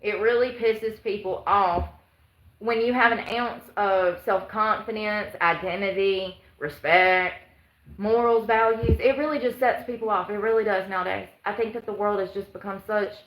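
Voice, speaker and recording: A woman's voice: mid-range voice, fairly even intonation, moderate pace, fairly bright tone, reverberant, a little hiss or hum, low-quality recording. A woman chatting casually on a livestream, rambling, sighing and laughing at herself. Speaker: vlogger. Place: outdoors in the woods.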